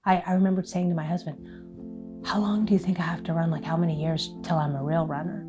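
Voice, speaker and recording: Middle-aged woman, low voice, candid interview storyteller, earnest and self-mocking. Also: steady tone, quick pace, over music. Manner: earnest, self-deprecating, voice swings from hushed to loud. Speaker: interviewee in a documentary.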